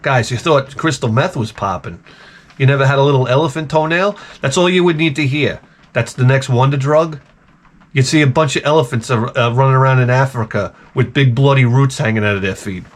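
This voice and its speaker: A man's voice: medium pitch, a little fast. A man hosting a retro gaming channel, ranting in a profane, rambling, sarcastic way. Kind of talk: casual comedic rant.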